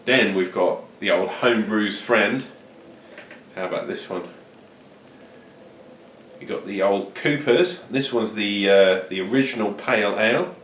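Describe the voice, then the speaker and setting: Chatty vlogger, male, hamming up a put-on Australian accent, low-pitched, recorded from a distance in a roomy space. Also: a little slow, fairly bright tone, a little hiss or hum. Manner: chatty, jokey, rambling with fillers. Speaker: vlogger reviewing beer. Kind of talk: casual beer review vlog. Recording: roomy, distant home-video sound.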